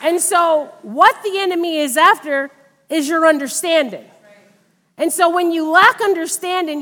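A middle-aged woman preaching a sermon in a church, talking conversationally and telling a personal testimony. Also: extremely high pitch. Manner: conversational, animated in retold dialogue. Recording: long reverb of a large hall.

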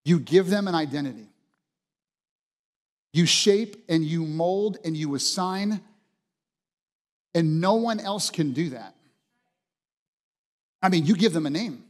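A man preaching with passionate emphasis, his voice sitting a little high for a man. He hammers points home with repeated phrases. A long reverb from the church hall trails each line. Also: animated, slow pace, long pauses. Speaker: pastor. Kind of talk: sermon.

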